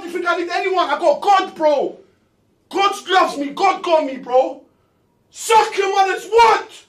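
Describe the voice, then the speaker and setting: A man ranting loudly and profanely, shouting and swearing. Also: very high-pitched, measured pace, far from the mic. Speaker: streamer guest in mock therapy. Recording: roomy, off-mic, faint noise.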